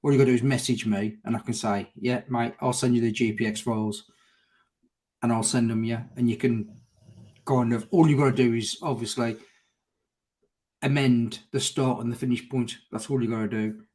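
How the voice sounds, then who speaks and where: A man's voice: medium pitch, fairly even intonation, normal speed, a little mellow. A middle-aged man with a Birmingham accent, a guest on a casual live stream, chatting openly and restarting his words, calling people mate. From Birmingham area, England. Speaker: guest, motorcycle vlogger.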